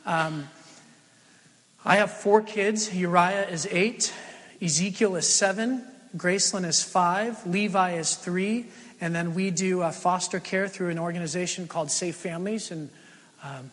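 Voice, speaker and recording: A man in his thirties preaching a sermon as a pastor, earnest and animated, telling stories with sudden emotional dips. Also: high voice, unhurried. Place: church sanctuary. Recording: long hall reverb.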